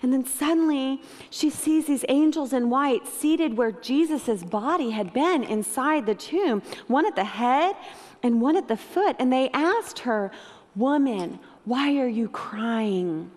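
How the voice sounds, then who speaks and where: A woman's voice: sits high, expressive, a little slow, a little mellow. A middle-aged woman preaching a sermon, telling the story with emotion and laughing often. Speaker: speaker. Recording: long hall reverb.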